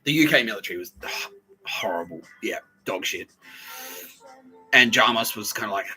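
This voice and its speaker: A bright, sharp-toned man talks through a loose, sweary monologue, his pitch leaping around lively as he laughs and acts out bits of dialogue. Soft music sits faintly underneath. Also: moderate pace, long pauses, poor audio. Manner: loose, laughing, sweary storytelling with acted quotes. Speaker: podcast host. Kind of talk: rambling personal monologue.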